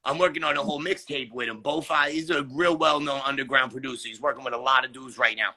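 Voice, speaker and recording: A man with a raspy, gravelly voice, talking loudly and excitably as a rapper guest in a casual interview. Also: mid-range voice, fast. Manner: loud, excitable, profane storytelling with laughs.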